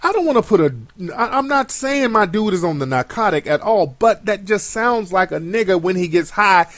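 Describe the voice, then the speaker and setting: A man's voice: sits high, animated, moderate pace, fairly bright tone, no echo. A man hosting a reaction commentary, mocking and profane, with frequent laughter. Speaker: commentary host.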